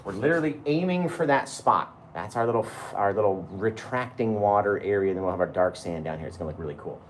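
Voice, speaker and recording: A man's voice: lowish voice, lively intonation, fast, echoey room, a little hiss or hum. Chatty man teaching painting. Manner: chatty, keeps asking "right?"; laughs easily while talking. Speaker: painting instructor. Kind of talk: live painting tutorial.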